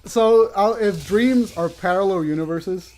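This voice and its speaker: A man's voice: high-pitched, a little slow, a little mellow. A man co-hosting a Let's Play, chatting casually with frequent swearing and laughter. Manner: swears a lot, laughs often. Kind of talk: casual chat while gaming.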